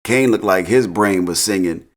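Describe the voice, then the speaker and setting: A man's voice: low-pitched, normal speed. A man casually recapping a TV episode in slang, laughing often. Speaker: TV recap host.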